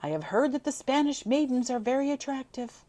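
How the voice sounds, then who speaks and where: A woman's voice: high voice, expressive, brisk, warm tone, voice pushed up. A woman reading aloud, voicing a moody young man who fumbles for words with the girl he loves. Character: gloomy, tongue-tied young man in love.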